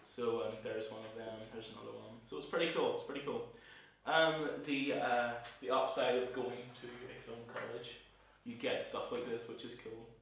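A man's voice: medium pitch, fairly even intonation, moderate pace, creaky, fairly bright tone, a little hiss or hum. A young man hosting a casual vlog, rambling and stop-start as he corrects himself mid-sentence. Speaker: vlogger host. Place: room at a film college. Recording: echoey room from a distant mic.

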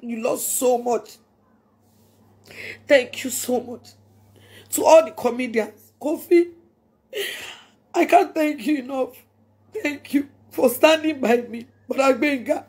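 Husky high-voiced Nigerian woman, impassioned. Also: a little mellow. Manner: emphatic, prayerful, repeats phrases for force. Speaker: public statement speaker. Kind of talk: impassioned personal address.

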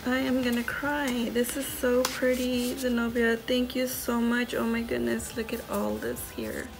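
A woman hosting a crafting video, unboxing mail from a friend and gushing over each handmade piece with excited exclamations. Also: fairly high pitch, measured pace, vocal fry. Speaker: crafting channel host.

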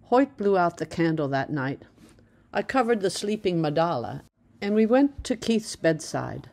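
A woman from the United States reading her own memoir aloud in a measured, plain storytelling voice. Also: lowish voice, big pitch swings, creaky, darkish tone. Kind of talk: audiobook narration.

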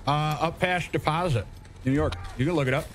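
A man's voice: a little high, a little fast. A man live-streaming a shooter game, joking and swearing with his co-player and chat. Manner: joking, swearing, breaks into singing. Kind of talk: casual live-stream banter. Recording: game music behind voice.

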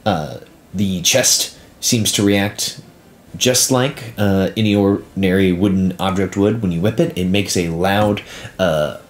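Low-voiced man running a tabletop game. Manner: relaxed, with frequent "uh" pauses. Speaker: game master.

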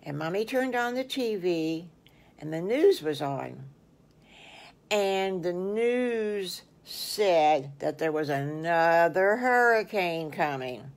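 A woman's voice: lowish voice, expressive, slow pace. An older woman telling her own made-up story to children, folksy and full of little exclamations. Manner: folksy, exclaiming "oh my goodness gracious". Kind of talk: improvised children's story narration.

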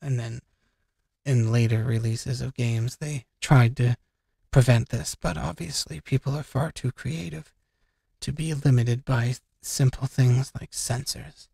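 A man's voice: medium pitch, fairly even intonation, measured pace, vocal fry, dark tone, husky, dry recording. A young man casually commenting on a video game as he plays, rambling and joking with lots of swearing. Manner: rambling, profane, jokey. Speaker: game streamer. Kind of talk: casual let's-play commentary. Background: game music.

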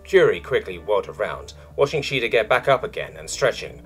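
A male narrator reads a story aloud with a lowish voice and very lively, wide-ranging pitch. Soft music sits faintly behind his expressive, scripted delivery. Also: brisk.

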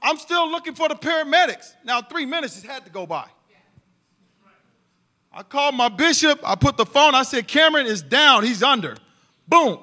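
A man's voice: very high-pitched, animated, normal speed, bright, forceful tone. A man giving an emotional church testimony, earnest and preaching to the congregation.

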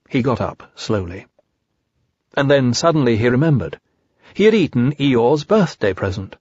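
A man reading an audiobook aloud in a calm, measured way. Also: medium pitch, breathy edge, no room sound. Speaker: audiobook narrator. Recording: dull, dry lo-fi recording.

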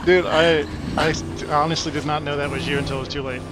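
A young man chatting casually while playing an online game with friends, excitable and quick to laugh. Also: on the high side, very noisy. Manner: excitable, laughs often, yelps. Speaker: gamer recording with friends. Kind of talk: casual gameplay chat.

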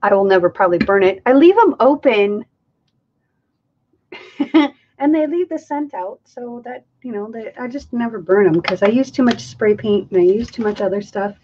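A woman's voice: on the high side, moderate pace. Chatty woman demonstrating crafts on a lo-fi stream. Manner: chatty, thinking aloud while stirring and counting. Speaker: acrylic pouring artist hosting a live stream. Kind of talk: casual live craft demonstration.

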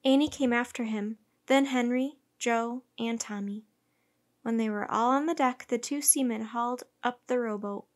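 A woman reads a children's chapter book aloud. Her voice sits fairly high and her narration stays steady and clear. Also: normal speed. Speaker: storyteller.

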